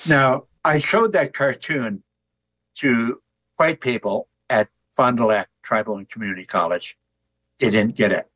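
An older man, an author and artist, telling stories in a relaxed, folksy interview. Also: mid-range voice, a little slow, no room sound, low-quality recording. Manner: folksy, tells jokes with put-on voices.

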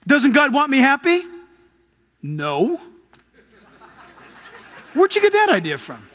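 A man's voice: very high voice, wildly swooping pitch, slow, fairly bright tone, big-room sound. A man preaching a sermon, telling stories and rising to emphatic exhortation.

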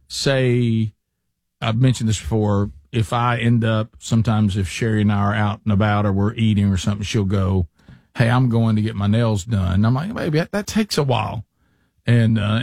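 A man's voice: medium pitch, a little mellow, dry recording. A male radio show host telling a rambling story in casual studio banter.

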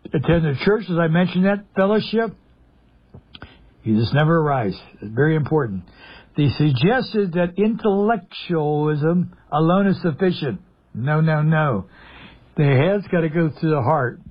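A man delivers a sermon over the radio in a husky, slightly raised voice. He drives his points home with emphasis, posing questions to listeners and answering them himself. The broadcast sound is dull and lo-fi. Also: fairly high pitch, animated, a little slow. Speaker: preacher.

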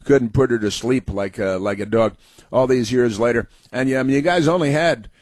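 Sarcastic halting male talk host. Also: mid-range voice, a little mellow, no room sound. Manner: sarcastic, halting with many fillers and restarts. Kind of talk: sarcastic political commentary monologue.

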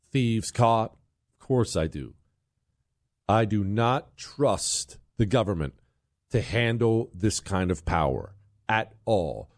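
Combative radio talk host guy, pitch jumps all over, super dry close studio sound. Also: dry recording. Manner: combative, emphatic, rising to loud peaks. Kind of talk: opinionated talk radio monologue and live ad read. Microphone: studio microphone.

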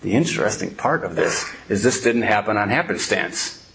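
A middle-aged man preaching as a pastor, telling a funny story with lively energy before reading and explaining Scripture. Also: on the low side, normal speed, gravelly, background noise. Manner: animated storyteller, laughs while telling. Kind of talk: sermon with storytelling.

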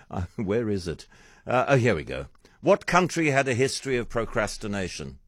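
A man hosts an afternoon radio talk show, his voice low and swinging all over as he jokes around. The studio mic sounds close and dry. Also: sing-song, moderate pace, fairly bright tone, slightly rough, no room sound. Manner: playful, chuckling, telling jokes. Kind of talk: casual radio chat. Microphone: studio microphone.

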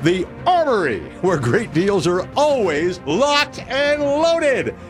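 A man reads a radio commercial in a hyped, building salesman style. His voice is fairly high and very animated, and music plays clearly behind him. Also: slow pace. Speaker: radio ad announcer. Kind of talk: scripted radio ad read.

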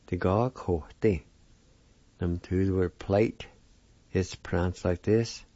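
A man with a deep, dark voice teaches vocabulary at a slow, patient pace, spelling words out letter by letter and saying each one again and again. The recording is dry and dull, like an old lo-fi radio broadcast. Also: fairly even intonation, no echo. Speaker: language teacher on a radio program.

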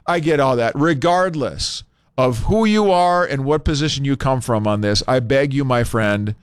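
A man hosting a talk radio show from a studio, talking off the cuff with frequent fillers and pauses. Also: medium pitch, clear, resonant tone, no room sound. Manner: conversational and unscripted, pausing with fillers. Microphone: studio microphone.

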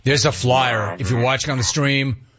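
A man's voice: medium pitch, moderate pace, muffled recording, a little hiss or hum. A man hosting a radio talk show, riffing animatedly and reading listener emails aloud. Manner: animated, riffing, mock-incredulous. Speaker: radio host.

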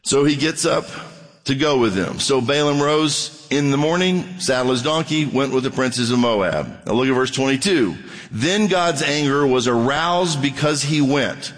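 A male pastor reads scripture aloud and keeps breaking off into humorous, animated asides. His voice sits at a middle pitch. It rings with the long reverb of a church hall. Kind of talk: sermon reading scripture with asides.

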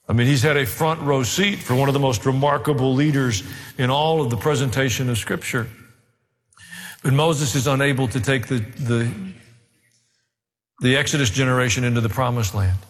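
A male pastor preaching a sermon, earnest, with dry asides and a rise to emphatic, fervent delivery. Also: medium pitch. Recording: reverberant hall.

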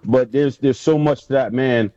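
As an interview guest, a former pro football player tells locker-room stories with lively energy, acting out the lines of others. His mid-range voice is mellow and dark, delivered at a moderate pace. The lo-fi sound is dry and dull, with no room sound.

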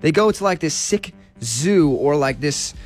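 A man's voice: a little high, expressive, measured pace, faint music behind. Laid-back young man chatting on radio. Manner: laid-back, laughs often, trails off mid-sentence. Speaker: musician guest. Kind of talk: casual radio interview.

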